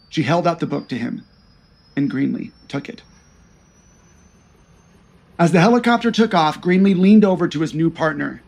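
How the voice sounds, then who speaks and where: Man narrating a spy story, creaky voice. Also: a little high, normal speed, pauses often, darkish tone. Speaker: podcast host.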